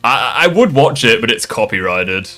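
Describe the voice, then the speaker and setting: Guy, casual streamer chatter, swears and laughs a lot, animated voice, faint music behind. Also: lowish voice, moderate pace. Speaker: streamer host. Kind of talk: casual reaction chat.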